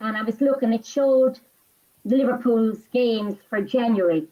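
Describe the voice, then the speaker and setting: A woman's voice: fairly high pitch, unhurried, dark tone, poor audio. A woman on a sports chat panel, reminiscing and chatting about football, ending thoughts with you know.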